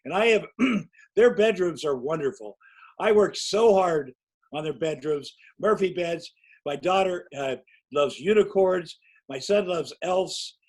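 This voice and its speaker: A man's voice: high-pitched, expressive, measured pace, rough recording. A man in his sixties telling long, rambling, self-mocking anecdotes as a guest in a casual interview. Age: 60s. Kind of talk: casual storytelling.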